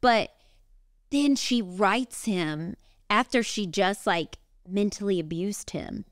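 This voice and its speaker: A woman in her thirties co-hosting a casual podcast, telling stories in an animated way and acting out her own reactions. Her pitch sits in the middle range. The recording is dry and close. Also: slow pace, no echo. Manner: animated storytelling, quoting herself in raised voices. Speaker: podcast co-host. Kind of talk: casual chat.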